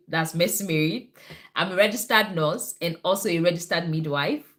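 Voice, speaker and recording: A woman's voice: lowish voice, normal speed. A woman, a nurse and midwife, hosting a casual live health stream, chatty and repeating herself as she answers viewer comments.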